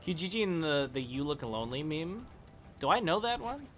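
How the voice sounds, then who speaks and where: A man's voice: a little high, big pitch swings, moderate pace, faint music behind. A man chatting casually with viewers while playing a game on a live stream, rambling and swearing when he fails.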